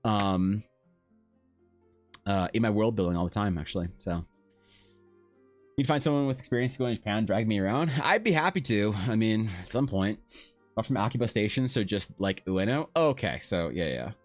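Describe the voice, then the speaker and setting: A man's voice: fairly low pitch, expressive, moderate pace, soft background music. A young man streaming, telling rambling stories in casual chat with lots of restarts and swearing.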